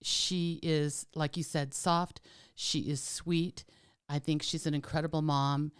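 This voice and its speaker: A woman's voice: low voice, fairly even intonation, takes it slowly, smooth. A woman co-hosting a podcast in casual chat, chatty and teasing, with plenty of "like" and "um". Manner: chatty, warm-hearted, teasing, lots of "like" and "um". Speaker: podcast co-host.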